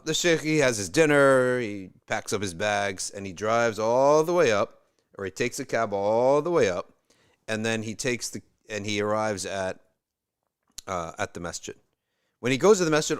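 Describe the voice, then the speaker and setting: A man with a fairly low voice tells a religious story to listeners. He talks casually and conversationally, breaking off to restart phrases and add quick asides. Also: clean tone. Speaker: religious teacher. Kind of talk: storytelling talk.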